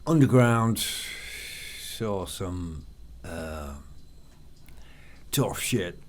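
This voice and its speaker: A man's voice: sits low, expressive, drawn-out words. An English man with an English accent in casual podcast chat, rambling with many fillers and frequent swearing. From England. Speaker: podcast guest.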